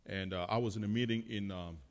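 Low-voiced missionary man in a reverberant hall. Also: steady tone, fast talker. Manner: chatty, many fillers and restarts, laughs often. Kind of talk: church testimony talk.

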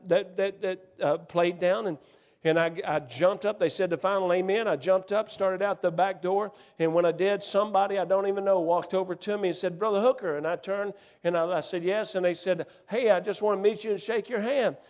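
With a high-sitting, somewhat dark voice, a preacher tells a personal story from the pulpit of a church sanctuary. His storytelling sermon is folksy and emphatic, full of restarts, and the recording carries the reverb of the church hall.

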